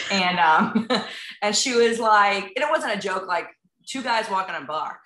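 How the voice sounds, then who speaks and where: A woman's voice: medium pitch, lively intonation, unhurried, fairly bright tone, roomy sound, rough recording. A woman realtor chatting casually in an interview, acting out little bits of dialogue and filling her talk with "like" and "um". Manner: chatty, acts out dialogue, many fillers like "like" and "um". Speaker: realtor and TV show guest.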